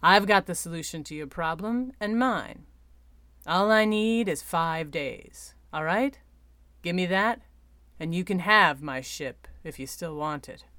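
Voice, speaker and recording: A woman voicing a gruff, coarse-talking male airship captain who growls and speaks bluntly. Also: on the low side, lively intonation, unhurried, fairly bright tone, no echo.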